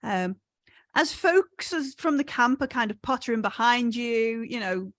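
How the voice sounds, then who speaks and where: A woman's voice: a little high, animated, measured pace, a bit bright, no room sound, clean studio sound. A woman narrating a tabletop game as game master, hesitant with many ums and restarts.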